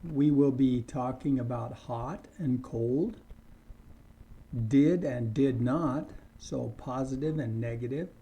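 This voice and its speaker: A man with a dark, mid-range voice teaches an online English lesson, speaking slowly and deliberately and repeating words for learners to copy. The audio quality is poor.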